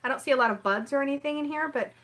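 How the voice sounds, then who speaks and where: A woman tarot reader hosting a casual live stream from home, rambling, apologetic and clearing her throat now and then as she chats with viewers. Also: high voice, racing, fairly bright tone.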